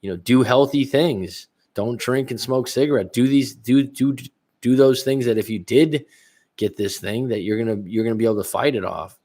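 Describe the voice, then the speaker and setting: A man's voice: medium pitch, normal speed, mellow. A middle-aged male relationship coach in a casual livestream chat, rambling and reading viewer comments aloud with many restarts. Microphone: livestream webcam.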